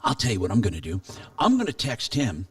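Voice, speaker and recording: A man's voice: fairly low pitch, huge pitch swings, brisk, no room sound, distant mic. A man hosting a consumer talk radio show, chatting casually and reading listener texts aloud.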